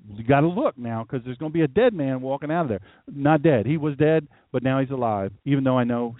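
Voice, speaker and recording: A man preaching a casual sermon as a pastor, telling stories in an animated way and acting out voices, often jumping high for emphasis. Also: brisk, no room sound. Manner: animated storytelling, acts out voices, jumps to high pitch for emphasis. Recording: tinny phone-like dry sound.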